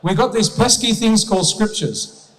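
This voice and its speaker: A man's voice: sits high, animated, normal speed. Emphatic man in a hall. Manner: emphatic, rhetorical, frequent "okay?" check-ins. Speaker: speaker at a public event. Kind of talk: public speech with slides. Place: event hall with audience. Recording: long hall reverb.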